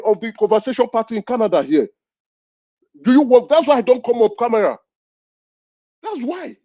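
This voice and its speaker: A man's voice: high voice, highs cut off. A man, lecturing and arguing hard in a heated political debate, talking over the others. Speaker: caller in a political discussion.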